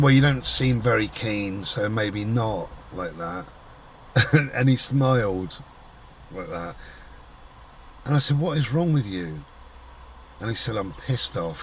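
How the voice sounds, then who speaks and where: Middle-aged man, low voice, rambling casual storyteller, recorded a bit far from the mic. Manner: rambling, conversational, voices quoted people. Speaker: channel host telling a personal story. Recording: voice a bit far from the mic, faint background noise.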